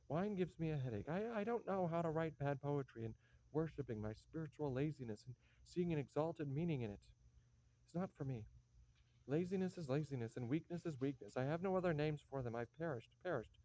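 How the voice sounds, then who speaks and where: A man's voice: on the high side, animated, moderate pace, warm tone, no echo, lightly acted. A man playing a despairing, self-mocking nobleman who rants bitterly, in a play reading. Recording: dull lo-fi dry recording.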